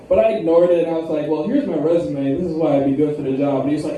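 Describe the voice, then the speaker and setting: A man's voice: a little high, quick pace, dark tone, a little hiss or hum. A young man doing a stand-up comedy set in a lounge, with a laid-back, rambling delivery full of fillers. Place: lounge with a live audience. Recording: echoey room, far from the mic.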